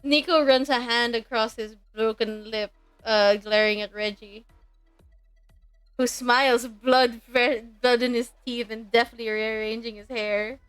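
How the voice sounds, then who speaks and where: A young woman streaming a dating game, reading the narration aloud and reacting with excitement and laughter. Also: on the high side, measured pace, clean tone, soft background music.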